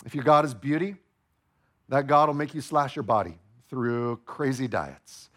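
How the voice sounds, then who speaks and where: A male pastor preaching a sermon, playful and animated, acting out the voices of the people in the story. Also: mid-range voice, normal speed.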